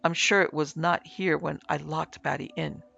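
A man voicing a blunt, matter-of-fact male house owner in a plain, brisk manner in an audiobook reading. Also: a little high, steady tone, vocal fry, pushed and bright, breathy edge, highs cut off, faint music behind, exaggerated voice.

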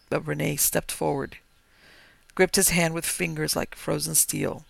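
Brief: male horror narrator, gravelly, slow and dramatic, dry close sound. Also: a little high, fairly even intonation, fairly bright tone, no echo. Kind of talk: dramatic horror story reading.

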